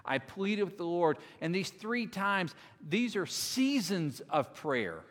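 A lead minister delivers a sermon in a fairly high voice, leaning hard on key words and then dropping to near hush. His voice rings out with a long reverb. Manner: earnest, dramatic swings between loud and quiet.

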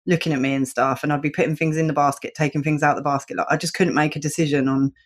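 A woman with a British accent hosting a podcast, friendly and quick to laugh. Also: deep voice, steady tone. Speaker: podcast host. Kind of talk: casual conversation.

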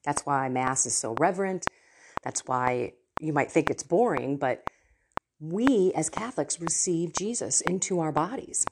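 A woman hosting a Catholic podcast, telling personal faith stories in an earnest, animated way with laughs and asides. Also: low voice, a little slow. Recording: audible background noise.

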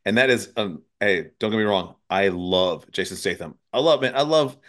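A man's voice: on the low side, lively intonation, normal speed, a bit bright. A man hosting a podcast, talking loosely in casual conversation, swearing and laughing often. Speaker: podcast host.

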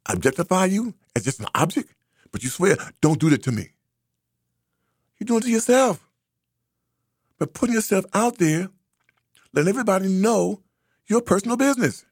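A man's voice: sits high, slightly rough, no room sound, clean studio sound. A man from the United States giving a preachy, emphatic commentary monologue, repeating phrases for effect. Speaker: social commentator.

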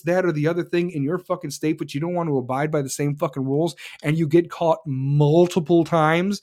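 A man in a heated, profane political rant. His voice sits a little high, and he swears freely and mocks others with shrill impressions.

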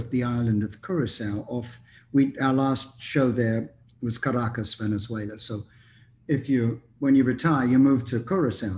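An older man spins a meandering story in a relaxed interview. His voice sits at a middle pitch, he pauses often with ums and restarts, and faint noise hums behind him. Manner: rambling anecdotal, with frequent ums and restarts. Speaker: guest musician.

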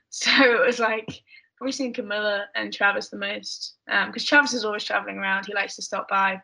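A woman's voice: mid-range voice, gravelly, sharp tone, poor audio. A woman with an English accent, a podcast guest chatting casually and rambling with lots of fillers. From United Kingdom. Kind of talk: casual chat.

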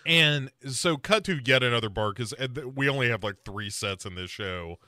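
A man's voice: mid-range voice, animated, moderate pace, bright, forceful tone, no room sound, clean studio sound. A man co-hosting a podcast, recapping a TV episode in casual chat. He is jokey and swears freely, and he acts out the characters' lines as he goes. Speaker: podcast co-host.

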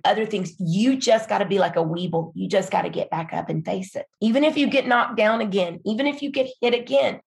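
A woman's voice: mid-range voice, creaky. A middle-aged woman, a pastor's wife, telling her story in an earnest, emphatic, encouraging way on a faith podcast. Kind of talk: faith-based podcast conversation.

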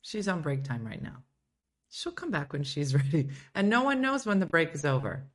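Reading viewer comments aloud on her casual live show, the middle-aged host is chatty and giggly and often puts on playful voices. She speaks at a normal speed in a deep, very animated voice.

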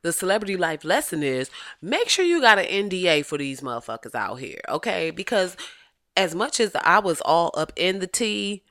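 A woman hosting a podcast, chatting casually about celebrity gossip in an animated, profane, joking way and laughing often. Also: lowish voice, normal speed. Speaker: podcast host.

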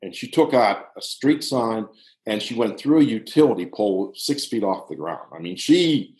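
A man in his sixties from Pittsburgh, telling a long personal story in a casual, halting way with frequent restarts. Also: on the low side. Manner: animated, halting with restarts, drops to hushed tones. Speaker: guest storyteller, former soccer coach. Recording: roomy echo.

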